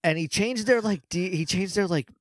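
A man co-hosting a podcast, retelling a movie in a rambling, joking way and acting out its lines in quick quoted voices. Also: sits high, dry recording, clean studio sound. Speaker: podcast co-host. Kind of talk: casual movie recap chat.

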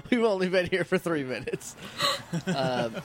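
Joking man, lively voice, tabletop player. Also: high voice, measured pace, background noise. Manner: joking, laughs through his words. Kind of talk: casual tabletop game chat.

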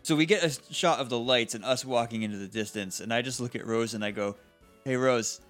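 A man's voice: medium pitch, fairly even intonation, fast talker, a bit bright, soft background music. A man co-hosting a tabletop game podcast, joking around and describing scenes as if framing a film shot. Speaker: podcast co-host and player. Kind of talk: casual tabletop game play and chat.

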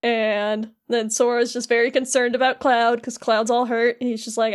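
A woman's voice: on the high side, little pitch movement, normal speed, few pauses, clean tone. A woman co-hosting a podcast, recounting a video game story in casual chat and laughing often. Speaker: podcast co-host.

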